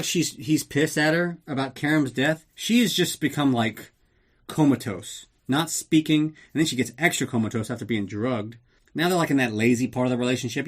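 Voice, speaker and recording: A man hosting a podcast, recapping a film casually in a rambling, sarcastic way with lots of swearing. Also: mid-range voice. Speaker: podcast host.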